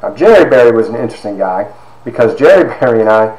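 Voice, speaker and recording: A man in his fifties giving a personal testimony, halting with fillers and acting out quoted dialogue. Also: mid-range voice, very animated, darkish tone. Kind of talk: personal storytelling talk. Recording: roomy echo.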